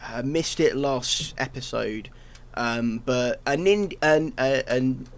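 A man co-hosting a casual gaming podcast, excitable, swearing and stumbling over his words. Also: mid-range voice, slow. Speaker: podcast co-host.

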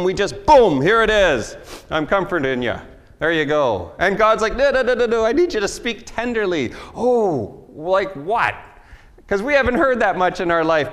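A man preaching a casual, self-deprecating sermon with a fairly high voice. He talks in a conversational way and acts out quoted lines. The sound carries a long hall reverb. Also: fairly bright tone. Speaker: pastor. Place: church hall with audience.

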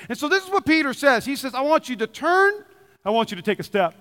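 Man, pastor, passionate sermon, high-pitched, echoing church hall. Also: sing-song, a little fast, sharp tone. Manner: passionate, emphatic preaching with repetition. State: sweaty. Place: church sanctuary. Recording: long church hall reverb.

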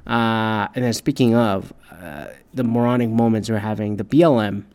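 A man's voice: lowish voice, normal speed, darkish tone, smooth. Male ranter, casual and profane, rambling with lots of restarts. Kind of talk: casual ranting monologue. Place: Detroit area.

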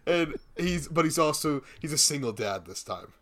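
A man co-hosting a comedy podcast in a relaxed chat. He riffs playfully, teases his partner and plays along with the jokes. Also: fairly high pitch, moderate pace, a loud crowd. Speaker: podcast co-host.

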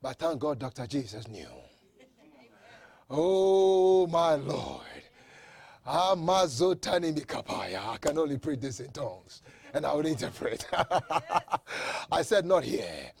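A man preaching a sermon, shouting scripture with slow dramatic emphasis and swinging between loud proclamations and quiet asides. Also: mid-range voice, expressive. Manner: quoting scripture.

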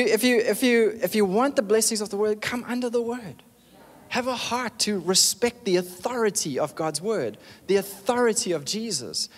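High-voiced preacher, echoing hall. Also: male voice. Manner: animated, emphatic, calls for amens. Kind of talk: sermon.

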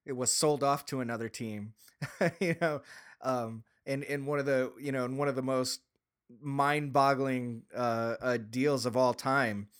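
A podcast co-host from Green Bay, Wisconsin, rants about sports in a casual, rambling way, full of restarts and rising into heated outbursts. His medium-pitched voice is smooth and fairly bright, with a steady tone and a slightly slow pace.

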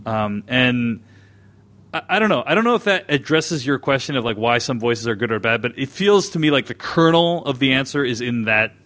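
A man's voice: medium pitch, expressive, brisk, a bit bright. Thoughtful man co-hosting a podcast. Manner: thoughtful, hesitant with many restarts. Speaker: podcast co-host. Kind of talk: casual discussion.

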